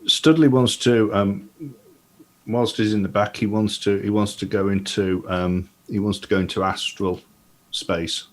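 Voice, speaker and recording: A man playing a tabletop game, describing his character's plans in a halting, repetitive way. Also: on the low side, fairly even intonation. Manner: hesitant, repeats himself. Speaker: player.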